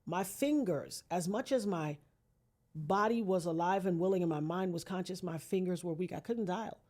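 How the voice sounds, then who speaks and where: A woman with a lowish voice, speaking at normal speed, tells a dramatic personal story as a podcast guest. She acts out other people's voices, and her emotional telling swings from hushed tones to near-shouting.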